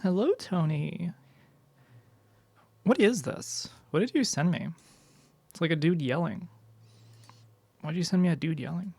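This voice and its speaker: A man's voice: on the high side, expressive, measured pace, vocal fry, long pauses, darkish tone, slight background noise. A man streaming live, chatting casually with his viewers and reading their messages aloud, full of "like" fillers. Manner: rambling, many "like" fillers, reads chat aloud. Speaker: livestreamer.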